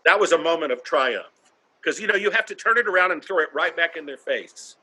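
A man's voice: fairly high pitch, expressive, fairly quick, pushed and bright, slightly rough. A man who does stand-up comedy, telling blunt stories from the stage and swearing freely in a casual interview. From North Carolina, US.

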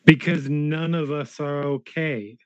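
High-voiced man in muffled call audio. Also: steady tone, takes it slowly, no echo. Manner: rambling, swears freely. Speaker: tabletop role-play player. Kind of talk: in-character role-play chat.

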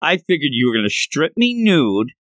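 A man voicing a brash, blunt young woman from a comic, in a low-key reading voice. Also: very animated, moderate pace, fairly bright tone, dry recording, clean studio sound. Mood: cheeky.

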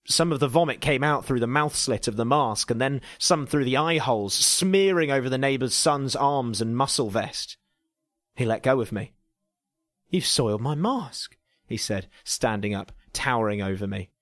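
An English man narrating a story in a dry, deadpan way. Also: mid-range voice, normal speed, no room sound.

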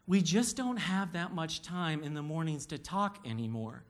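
A weary, hurt young wife speaks softly and plainly, as a high-voiced male preacher quotes her in a sermon. Her voice stays quiet, with none of the preacher's usual lift. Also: animated, moderate pace, natural voice. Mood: lonely.

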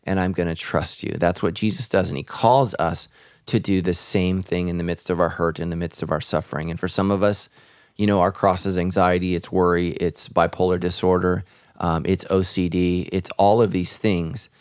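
A man's voice: low voice, steady tone, moderate pace, darkish tone, clean tone, no room sound, clean studio sound. A man, a pastor, speaking earnestly and reflectively in a podcast conversation about faith.

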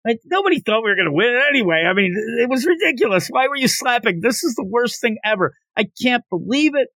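A man's voice: big pitch swings, quick pace, dry recording, full character voice. A man voicing an exasperated middle-aged baseball coach scolding a player. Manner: shrill, incredulous yelling. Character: exasperated forty-year-old male baseball coach.

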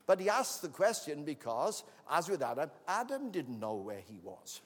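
A man preaching a sermon in an auditorium, telling a story dramatically, acting out the voices and building to shouts. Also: on the high side, sing-song, normal speed, few pauses. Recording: long hall reverb.

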